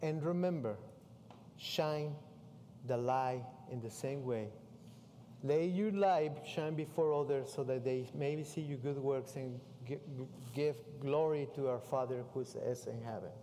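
A man, a missionary preaching a sermon with animated stories in English. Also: mid-range voice, a little hiss or hum. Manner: animated storytelling with non-native English. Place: church sanctuary. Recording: far-off voice in a reverberant hall.

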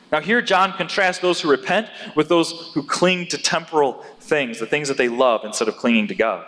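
Male pastor, fairly high voice, animated sermon delivery with loud emphatic peaks, big hall reverb. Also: moderate pace, hardly any pauses.

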